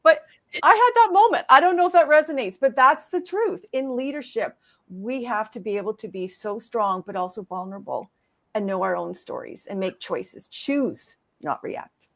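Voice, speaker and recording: A woman's voice: fairly high pitch, lively intonation, normal speed, fairly bright tone. A woman speaking earnestly on a virtual panel, telling a story with emphatic conviction. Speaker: summit speaker. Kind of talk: panel discussion. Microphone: video call.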